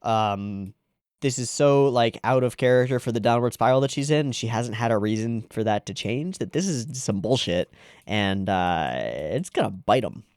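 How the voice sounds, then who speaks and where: Lively sarcastic anime reaction host. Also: medium pitch, normal speed, clear, resonant tone, no echo, studio quality. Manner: animated, sarcastic, rambling. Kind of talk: casual reaction commentary.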